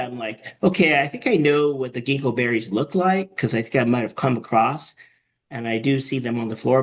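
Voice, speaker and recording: Guy mulling over a story out loud, mid pitch, lots of ums and restarts. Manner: thoughtful, rambling, many restarts. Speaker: writing workshop participant. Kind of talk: casual discussion.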